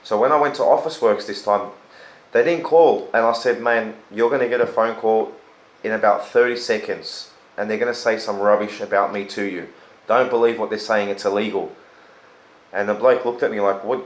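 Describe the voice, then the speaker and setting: A man's voice: fairly low pitch, fairly even intonation, normal speed, echoey room, poor audio. A man, talking earnestly and telling a story in a casual conversation. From Australia. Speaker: host. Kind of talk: casual chat.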